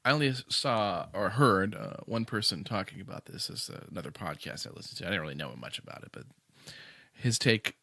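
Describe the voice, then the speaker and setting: A middle-aged man co-hosting a casual podcast, full of irreverent jokes and quick laughs. His voice is fairly low but bright and sharp, recorded dry and close. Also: animated, no room sound. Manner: joking, irreverent, laughs often. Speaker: podcast co-host.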